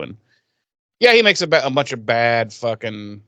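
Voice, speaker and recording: A man's voice: mid-range voice, expressive, normal speed, clean tone, no echo, highs cut off. A man co-hosting a podcast, recapping a TV episode in crude, joking casual chat and acting out the characters' lines. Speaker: podcast co-host.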